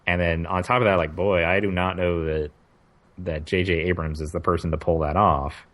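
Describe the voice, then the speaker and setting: Very deep-voiced man thinking aloud. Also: level tone, moderate pace, fairly bright tone. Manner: thinks aloud, circling back over his words. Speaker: podcast co-host. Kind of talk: casual chat.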